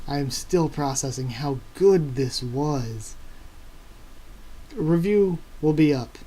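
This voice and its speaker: Mellow-voiced man gushing over a chapter. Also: fairly high pitch, slow pace. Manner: excited, gushing, reading aloud. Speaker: YouTube reaction host. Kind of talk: casual live reading and reaction.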